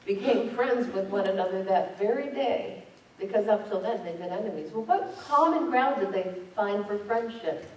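A woman's voice: mid-range voice, animated, normal speed. A woman pastor delivers a Sunday sermon, reading scripture and stressing her points with building emphasis. Her voice sits mid-range and carries through a roomy church, heard from across the room. A faint murmur of the congregation hangs behind her. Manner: reads scripture aloud and explains it with rising emphasis. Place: church sanctuary. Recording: echoey church from a distance.

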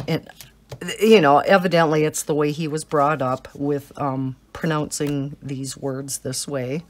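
Slow, low-voiced chatty woman with a cold. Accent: slight Southern twang. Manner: chatty, giggly storytelling. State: has a cold. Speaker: coloring channel host. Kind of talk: casual chat while coloring.

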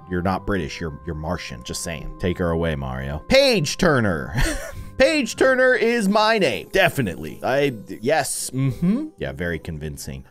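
Animated jokey man doing game commentary. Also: mid-range voice. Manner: playful, jokey, quick asides. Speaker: gaming YouTuber.

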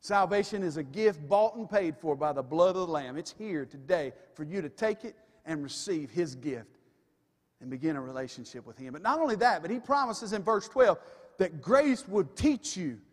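Preaching a sermon to his congregation, a high-voiced male pastor sounds animated at a moderate pace, emphatic and full of folksy asides. The church sanctuary's long hall reverb fills the recording.

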